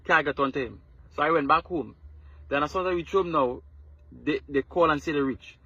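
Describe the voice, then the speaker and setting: A man's voice: on the high side, a little fast, pushed and bright, husky, no room sound, lo-fi sound. A Trinidadian man telling what happened to him in a casual video, stumbling and repeating words. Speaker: TikTok influencer.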